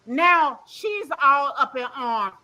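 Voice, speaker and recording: A woman's voice: sits high, animated, takes it slowly, sharp tone. A woman calling in to a livestream, emotional and ranting bluntly with plenty of swearing. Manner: blunt, profane, rambling. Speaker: caller on a livestream. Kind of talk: emotional call-in rant.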